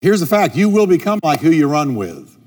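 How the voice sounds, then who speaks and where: A man's voice: a little high, sing-song, a little fast. Emphatic male pastor preaching in a hall. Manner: emphatic preaching, repeats key phrases. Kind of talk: sermon. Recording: long reverb with soft music.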